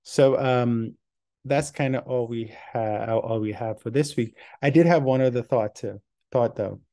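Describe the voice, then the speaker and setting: A man hosting a podcast, telling a story in a relaxed, rambling way. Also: medium pitch, a little slow. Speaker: podcast host. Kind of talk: casual podcast monologue.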